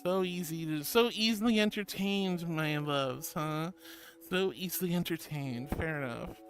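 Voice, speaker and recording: A woman's voice: sits low, a little slow, faint music behind. A woman streaming as a VTuber host, chatting casually, reading chat aloud and thanking viewers with affectionate pet names.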